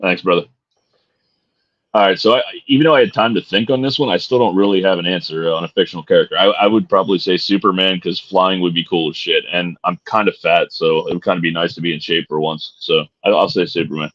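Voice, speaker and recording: A man's voice: sits low, steady tone, fast talker, a bit bright. A middle-aged man co-hosting a podcast, chatting casually with a laid-back, joking and profane manner. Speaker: podcast co-host. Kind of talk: casual chat. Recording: dull lo-fi sound.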